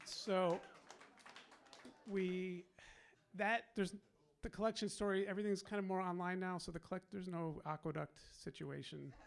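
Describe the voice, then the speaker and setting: A man's voice: high voice, creaky, slight background noise. A man telling a long personal anecdote in a casual way, laughing often and acting out the people he quotes. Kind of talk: casual storytelling.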